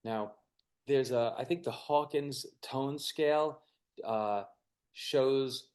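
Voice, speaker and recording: A man co-hosting a webinar, giving relaxed, loosely rambling advice over a video call with a clip-on mic. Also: mid-range voice, slow pace. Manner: relaxed, rambling, hesitant with fillers. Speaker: co-host, media coach. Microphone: lavalier on a video call.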